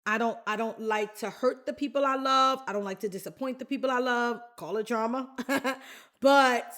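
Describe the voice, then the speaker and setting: A woman's voice: fairly high pitch, normal speed, a bit bright. A woman from the Bronx, hosting a podcast and telling a personal story in a chatty, candid way, talking straight to her listeners. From the Bronx, New York. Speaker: podcast host.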